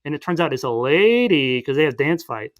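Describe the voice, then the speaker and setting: Higher-voiced man recapping a movie. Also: big pitch swings, muffled recording. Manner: rambling, retells scenes with quick voiced asides. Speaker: podcast co-host. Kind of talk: casual plot recap chat.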